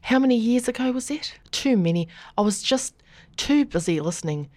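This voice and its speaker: An Australian woman hosting a podcast in casual chat, bubbly and gushing, quick to laugh. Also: a little high, animated, darkish tone, no echo. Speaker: podcast host.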